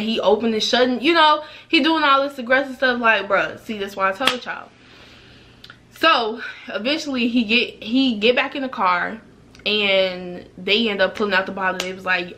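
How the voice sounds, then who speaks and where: A young woman tells a storytime to her camera. She talks fast and loose, and her voice leaps up in pitch whenever she acts out what someone said. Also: slight background noise. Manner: animated, acts out quotes with rising pitch. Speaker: vlogger. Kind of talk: storytime vlog. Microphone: camera mic, then phone vlog style.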